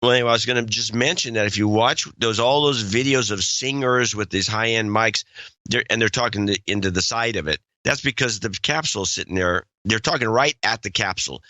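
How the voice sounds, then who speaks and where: A man's voice: brisk, bright, forceful tone, no room sound. An older man with a cold, co-hosting a podcast in casual banter, close on a studio microphone. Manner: plays with a deep sexy mic voice. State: has a cold. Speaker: podcast co-host.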